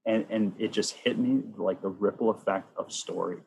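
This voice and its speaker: A man who works as a Catholic youth minister, telling personal stories earnestly in a chatty way, sometimes rushing with excitement. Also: lowish voice, creaky, breathy edge, rough recording. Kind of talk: personal storytelling in an interview.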